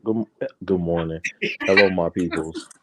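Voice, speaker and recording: A man's voice: low-pitched, fairly even intonation, a little slow. A man joining a podcast as a guest, laid-back and joking. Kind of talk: casual podcast chat.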